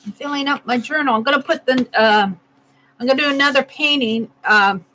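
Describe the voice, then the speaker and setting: A woman's voice: high-pitched, fairly quick, sharp tone, a little hiss or hum, low-quality recording. A woman narrating casually as she carves a stamp, thinking aloud and laughing at herself. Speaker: art vlogger. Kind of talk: casual narration while crafting.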